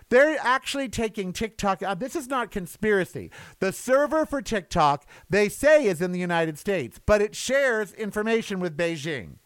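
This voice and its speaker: Sarcastic man ranting, lively high voice. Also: smooth, no echo. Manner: sarcastic, exasperated, mocking asides. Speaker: commentator. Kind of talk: ranting monologue.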